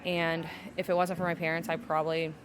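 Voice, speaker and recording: Young woman, podcast guest, lowish voice, emotional and candid, faint background hiss. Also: little pitch movement. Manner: emotional, slows down holding back tears. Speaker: podcast guest, salon owner. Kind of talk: candid personal storytelling.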